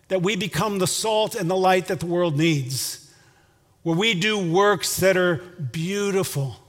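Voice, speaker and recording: A man's voice: high-pitched, a bit bright, long reverb tail. A male pastor preaching a sermon, telling a story and then leading an earnest prayer.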